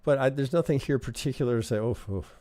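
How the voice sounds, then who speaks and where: Talking quickly in a warm, medium-pitched voice, a man teaches trading on a live stream. He reviews charts casually, thinks out loud, and keeps checking in with "right?".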